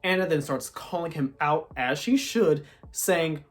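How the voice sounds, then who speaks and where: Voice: mid-range voice, expressive, unhurried. Exasperated reviewer ranting casually. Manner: exasperated, ranting, heavy use of "like". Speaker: TV show reviewer. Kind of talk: casual recap commentary. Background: faint background music.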